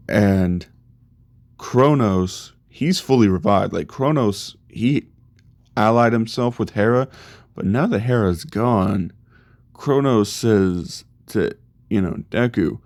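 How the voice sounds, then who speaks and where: A man's voice: fairly low pitch, slow, darkish tone, no room sound, clean studio sound. A man casually narrating a fan story in a loose, chatty way with many fillers.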